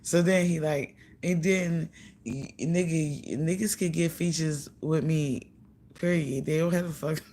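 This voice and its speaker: A woman's voice: sits low, measured pace, slight background noise. A woman telling a story in a casual, profane rant, giggling and mimicking what others said. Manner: profane, giggly, animated retelling with mimicked dialogue. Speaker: vlogger.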